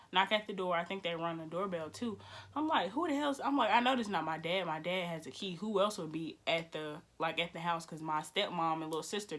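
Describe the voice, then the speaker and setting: A young woman, telling a painful family story to camera in a blunt, animated way and swearing freely. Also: on the low side. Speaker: vlogger. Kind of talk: emotional storytelling.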